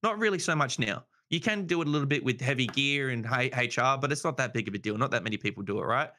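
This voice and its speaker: A man's voice: medium pitch, lively intonation, fast, bright, forceful tone, slight background noise. A man rambling in casual podcast chat, swearing freely and saying "you know" a lot. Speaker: podcast guest.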